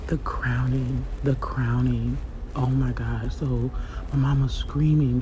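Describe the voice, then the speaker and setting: A young woman vlogger who tells a personal story in a casual, animated way, swearing freely and talking straight to her viewers. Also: low-pitched, measured pace, background noise. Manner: animated, swears freely, acts out quotes, talks to viewers directly.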